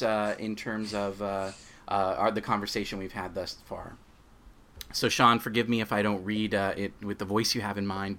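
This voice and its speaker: Man, podcast host, low voice, casual chat, story reading. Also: a bit bright.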